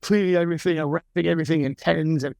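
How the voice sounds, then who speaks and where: Animated storytelling chef, slightly high voice. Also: male voice, fast talker, creaky, smooth, no room sound, clean studio sound. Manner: animated, acts out other people's lines, swears freely. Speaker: chef and podcast guest. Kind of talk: casual storytelling interview.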